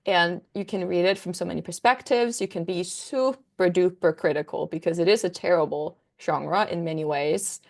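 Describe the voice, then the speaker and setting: Gravelly low-voiced young woman. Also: normal speed, hardly any pauses. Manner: rambling, enthusiastic, many fillers. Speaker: book content creator guest. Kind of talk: casual conversational interview.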